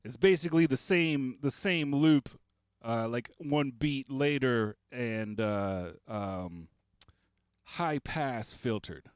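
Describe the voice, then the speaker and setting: A man's voice: medium pitch, animated, takes it slowly, loud music behind the voice. A man hosting a beatmaking livestream, chatting casually and rambling with self-mocking jokes while he works. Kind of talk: casual livestream chat while making beats.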